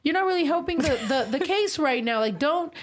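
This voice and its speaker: A woman's voice: high-pitched, lively intonation, brisk. A woman hosting a podcast in casual chat, rambling through stories with lots of "like" and swearing. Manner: swears a lot, rambling storyteller, full of "like". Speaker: podcast host.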